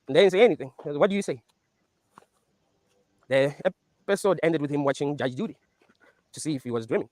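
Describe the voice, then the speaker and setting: A man's voice: a little high, fast, pauses often, no echo. A man talking casually and animatedly, swearing often and laughing as he recaps a series and muses on dreams. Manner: animated, profane, laughs while recapping scenes. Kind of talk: casual rant.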